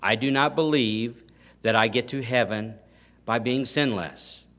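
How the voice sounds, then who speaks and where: A man's voice: medium pitch, a little slow. Male preacher, mid-range voice, folksy and emphatic sermon delivery. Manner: folksy, emphatic, rising to loud stresses.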